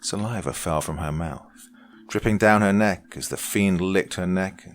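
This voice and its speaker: A man narrating a scripted horror story with a dark, dramatic reading that drops to hushed lines. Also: deep voice, moderate pace, soft background music.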